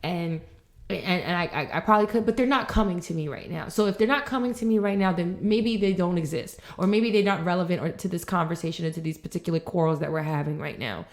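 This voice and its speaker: A woman's voice: lowish voice, fast. Frustrated, rambling woman podcast co-host. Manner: frustrated, rambling, swears often. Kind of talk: heated casual conversation.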